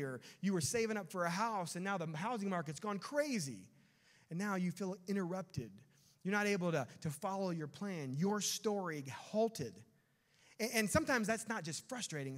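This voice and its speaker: Animated higher-pitched male pastor preaching. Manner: animated, acts out quotes, drops to quiet emphasis. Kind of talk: sermon.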